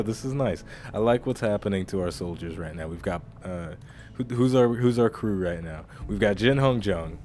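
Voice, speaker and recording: Low-voiced rambling gameplay commentator. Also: male voice, a little mellow. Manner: chatty and rambling, with restarts. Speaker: let's-play host.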